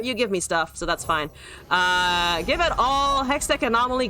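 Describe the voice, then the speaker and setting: A woman's voice: a little high, normal speed, sharp tone. A young woman streaming a card game, chatting casually, talking to her opponent, laughing and swearing often. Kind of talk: live gameplay commentary.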